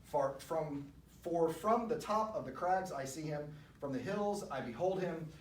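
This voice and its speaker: A man's voice: fairly high pitch, expressive, unhurried. An old prophet proclaiming an oracle, read by a man in a slightly raised, solemn voice. The recording sounds roomy and distant, with faint background hiss. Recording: echoey room, distant mic, faint noise.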